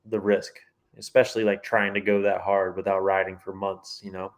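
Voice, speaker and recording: A man from the United States talks shop as a podcast guest, his voice on the low side. He is casual and self-deprecating, dropping "dude" often. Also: level tone, moderate pace. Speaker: motocross mechanic guest. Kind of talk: casual interview chat.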